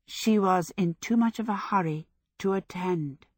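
Woman, audiobook narrator, measured, even, middle pitch, dry close recording. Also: no room sound. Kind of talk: scripted narration.

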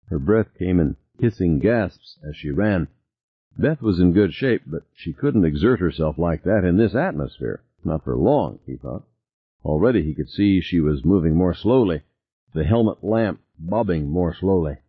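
Deep, husky male audiobook narrator. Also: animated, moderate pace. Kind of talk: scripted narration. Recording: tinny lo-fi recording.

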